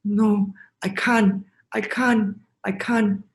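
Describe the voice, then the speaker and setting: A man's voice: sits high, little pitch movement, drawn-out words, creaky, roomy sound, full character voice. A man with a Vietnamese accent voicing a fat frog that is worn out and keeps complaining that it cannot go on. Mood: defeated. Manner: weary, complaining repetition.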